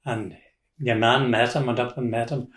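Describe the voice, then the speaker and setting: Interviewed in a casual setting, an older man with a Donegal Irish accent spins rambling family stories, chuckling and restarting as he goes. His mid-range voice is fairly bright, with a steady tone at normal speed. There's a roomy echo on the recording.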